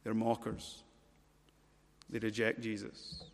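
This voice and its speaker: A man preaching a sermon, emphatic, swinging between loud urgency and low intensity and repeating words as he builds a point. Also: completely flat delivery, slow pace, creaky. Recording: long church-hall reverb.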